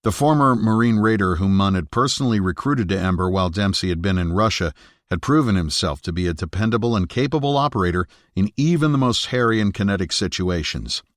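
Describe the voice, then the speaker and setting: A man narrating an audiobook thriller in a steady, measured reading on a close studio mic. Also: fairly low pitch, dry recording. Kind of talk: scripted narration.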